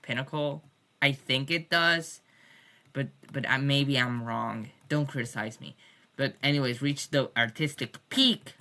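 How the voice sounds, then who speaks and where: Woman, bright and sharp tone, loose irreverent vlog rant with jokey swearing. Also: sits low. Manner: rambling, irreverent, swears jokingly; many restarts and fillers. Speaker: music fan. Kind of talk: casual video diary rant.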